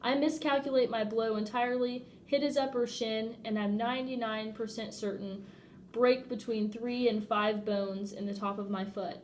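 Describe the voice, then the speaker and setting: Casting: expressive female novel reader, slightly high voice, amused. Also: moderate pace, a little hiss or hum. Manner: expressive, often laughing at the text. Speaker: audiobook reader. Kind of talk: reading a novel aloud.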